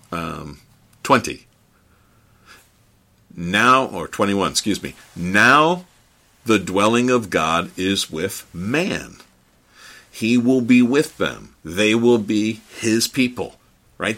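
A man preaching a sermon in an earnest, halting way, often repeating words as he builds each point. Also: fairly low pitch, pushed and bright, slightly rough.

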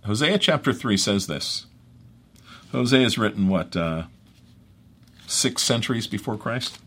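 A man's voice: deep voice, fairly bright tone, husky. A man preaching an expository sermon, reading scripture aloud with dramatic emphasis and breaking off into conversational asides. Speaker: pastor.

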